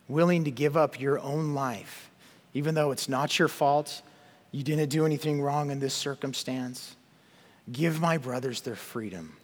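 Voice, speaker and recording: A pastor with a medium-pitched voice preaches a sermon in a large hall, reading scripture aloud. He repeats words often and keeps putting questions to his listeners.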